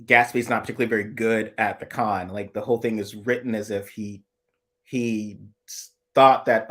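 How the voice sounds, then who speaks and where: A man's voice: lowish voice, steady tone, moderate pace. A man co-hosting a casual live chat, thinking aloud in long analytical asides with frequent restarts. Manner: rambling, analytical, many restarts. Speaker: co-host.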